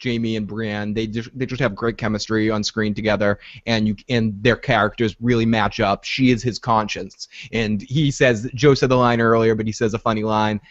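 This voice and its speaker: A man co-hosting a podcast, recapping a TV episode in animated, casual chat, swearing freely. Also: on the low side, moderate pace, few pauses, no echo, muffled recording. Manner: animated, retells scenes with frequent swearing. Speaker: podcast co-host.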